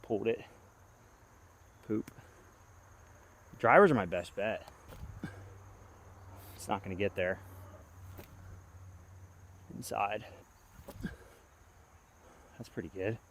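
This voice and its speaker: A man's voice: lowish voice, slow pace, long pauses, fairly bright tone, a little hiss or hum. A young man films himself outdoors and talks through every throw. His running commentary swings between hyped pleading and groaning, with insects chirping in the background. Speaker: disc golf vlogger. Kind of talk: self-filmed play-by-play commentary. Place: outdoor disc golf course.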